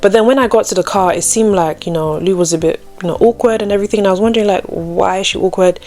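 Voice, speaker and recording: A woman's voice: mid-range voice, fast, dark tone, faint music behind. A young adult woman telling a personal faith story in a casual, chatty way, full of "like" and "you know", raising her voice when she acts out what others said. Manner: acts out quoted people with a raised voice. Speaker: Christian storytime vlogger.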